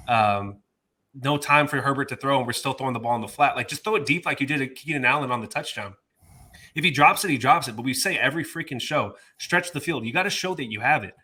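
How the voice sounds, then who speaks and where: A man's voice: mid-range voice, quick pace, pushed and bright, breathy edge. A man co-hosting a sports podcast, ranting in casual chat with exasperation. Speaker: podcast co-host.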